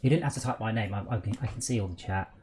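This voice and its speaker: A man's voice: fairly low pitch, very fast, a little mellow, slight background noise. A man hosting a casual gaming stream, chatting and rambling aloud with lots of fillers while he sorts out game problems.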